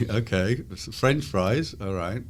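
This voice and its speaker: An Englishman hosting a casual interview with his young daughter, asking gentle, coaxing questions in an English accent. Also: fairly low pitch, slight background noise. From England.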